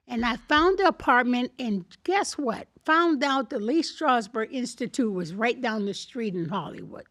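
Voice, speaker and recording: High-voiced older woman telling a story. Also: moderate pace, hardly any pauses, dry recording. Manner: lively, laughing, acts out the people in her story. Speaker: podcast guest. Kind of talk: storytelling anecdote in casual chat.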